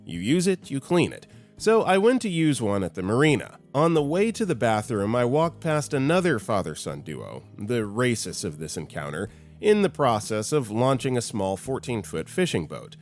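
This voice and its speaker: Expressive male story narrator. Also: mid-range voice, moderate pace. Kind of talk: scripted narration. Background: faint guitar music.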